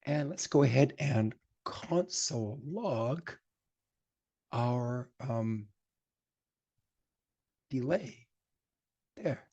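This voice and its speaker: Man live-coding in a lecture, husky voice. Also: mid-range voice, very slow, long pauses, dark tone, dull audio. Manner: chatty, thinks aloud while typing code; gets emphatic when giving advice. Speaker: programming instructor.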